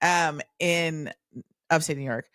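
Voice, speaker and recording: A woman's voice: deep voice, slow, no echo, clean studio sound. A woman co-hosting a casual podcast chat, telling stories and acting out what people said. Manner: animated storyteller who acts out quotes. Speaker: podcast co-host.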